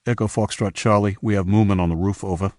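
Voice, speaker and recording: A man's voice: fairly low pitch, steady tone, fast talker, a little mellow, no echo, studio quality, natural voice. A man voicing a military lookout reporting over a radio in clipped protocol. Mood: urgent.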